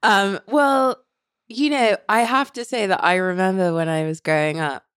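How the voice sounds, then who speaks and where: A woman's voice: medium pitch, steady tone, moderate pace, fairly bright tone, smooth. A young English woman co-hosting a podcast, chatting casually with playful, dry asides. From England. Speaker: podcast co-host. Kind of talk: casual chat.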